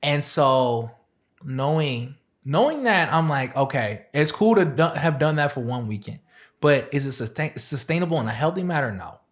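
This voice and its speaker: A young man, a DJ and chef, chatting as a podcast guest and laughing through his animated stories. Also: medium pitch, normal speed. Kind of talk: casual podcast chat.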